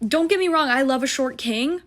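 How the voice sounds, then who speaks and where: A woman's voice: high-pitched, brisk. A woman in her twenties, a musical theater student, telling a date story in a casual, self-mocking way with lots of swearing and acted-out dialogue. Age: 20s.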